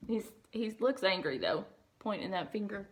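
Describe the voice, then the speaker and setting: A woman's voice: medium pitch, animated, moderate pace. A woman reading a picture book aloud to children, stopping often for chatty, amused asides about the pictures. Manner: chatty, amused asides between read lines. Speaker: reader.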